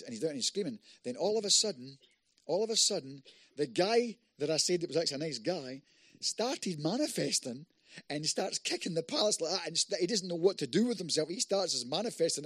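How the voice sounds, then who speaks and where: A man preaching a sermon, telling a personal story in a conversational way that builds to loud, emphatic passages. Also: on the high side, slightly rough, dry recording, clean studio sound. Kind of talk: sermon testimony.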